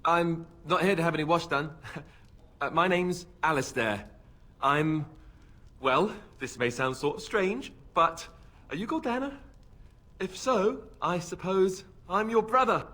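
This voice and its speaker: An actor playing a nervous young warrior who stammers and babbles anxiously, with a husky voice. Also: male voice, a little high, measured pace, bright, forceful tone. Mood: awkward. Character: nervous young warrior meeting his lost sister.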